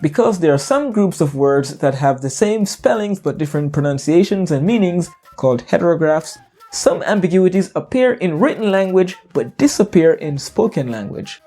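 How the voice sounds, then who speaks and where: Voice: mid-range voice, lively intonation, moderate pace, mellow, soft background music. An English teacher giving an educational narration, explaining playfully with jokes and wordplay.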